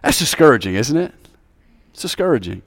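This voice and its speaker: A man's voice: very animated, a little fast, no echo, studio quality. A man from Alabama with a Southern American accent, preaching a sermon and calling out to the congregation with rising fervor. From Alabama, USA. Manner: rises to high-pitched fervent exhortation, calls out to congregation.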